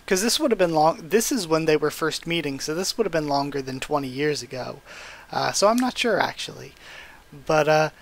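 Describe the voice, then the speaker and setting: A young man with a fairly high voice gives casual fan commentary about a comic chapter. He rambles, restarts and corrects himself as he goes. His excitement shows through. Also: normal speed, vocal fry, slight background noise. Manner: rambling, self-correcting, enthusiastic. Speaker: YouTuber reviewing a manga chapter.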